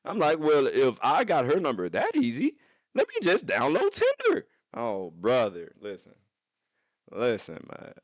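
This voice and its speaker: A young man streaming from his phone, telling a profane story to his chat in an animated way, with sudden jumps into high voices. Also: unhurried, no room sound.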